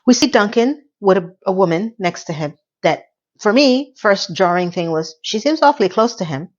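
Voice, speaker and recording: A woman casually recapping a TV episode for her viewers, animated and playful, with asides to the audience. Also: medium pitch, moderate pace, lo-fi sound. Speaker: TV recap vlogger.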